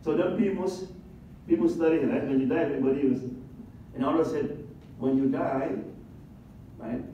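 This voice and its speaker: A man's voice: fairly high pitch, fairly even intonation, moderate pace, warm tone, a little hiss or hum. A man, giving a religious talk as an imam, asking the audience questions and acting out little scenes. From Indonesia. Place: large conference hall. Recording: echoey, dull sound from a distant mic.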